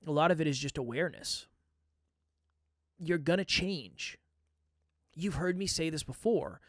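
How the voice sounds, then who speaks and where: Fairly high-pitched and a bit bright, a man hosts his own podcast, offering candid, coach-like reflections. He's expressive but a little slow, recorded dry and close to the mic.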